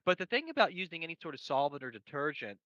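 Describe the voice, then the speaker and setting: Talking fast with big pitch swings, a man with a slightly high, sharp voice covers electronics cleaning as a repair guest. He rambles, restarts frequently and makes crude jokes, all on a dry, dull lo-fi recording without echo.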